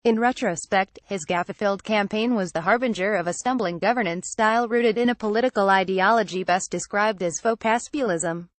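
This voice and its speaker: A woman reading an opinion article aloud as scripted narration, at a measured, even pace. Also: mid-range voice, no room sound.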